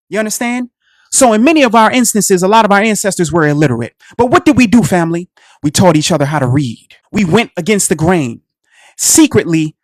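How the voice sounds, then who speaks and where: An impassioned radio host preaches through a solo commentary, calling the listeners family and hammering each point home by repeating it. The pitch swings up and down constantly as the talk rises and falls. The recording is close and dry. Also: no room sound. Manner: repeats phrases for emphasis, asks rhetorical questions.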